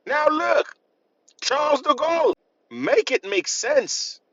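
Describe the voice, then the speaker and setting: A man's voice: very high voice, sing-song, slow, a bit bright, no echo. A man lecturing on history, emphatic and repetitive, asking the listener rhetorical questions. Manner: emphatic, repeats points, asks rhetorical questions. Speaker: history channel host. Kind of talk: lecturing to camera. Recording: dull lo-fi sound.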